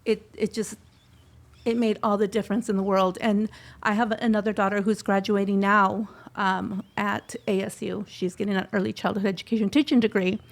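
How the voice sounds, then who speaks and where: A woman's voice: mid-range voice, level tone, normal speed. A middle-aged woman telling her personal story in an interview, heartfelt, slipping Spanish phrases into her English. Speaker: scholarship recipient guest.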